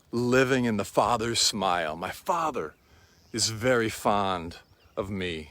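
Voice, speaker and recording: A man delivering a sermon in a rather low voice. He speaks very slowly, in a reflective and quietly earnest way that leaves room between his words. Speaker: preacher.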